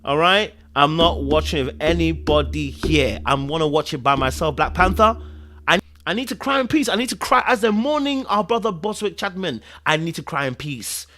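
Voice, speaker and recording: A man's voice: a little high, expressive. A man, hosting a casual live-stream podcast chat with viewers. He talks emotionally and repeats phrases for emphasis. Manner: swings between loud exclamations and hushed, drawn-out murmurs. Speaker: podcast host.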